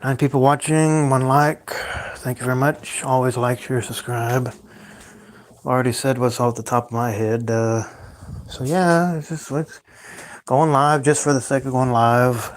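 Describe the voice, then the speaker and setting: A man's voice: mid-range voice, fairly even intonation, a little slow. A young man hosting a casual livestream, rambling on, swearing often, sighing and trailing off mid-thought. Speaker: livestream host.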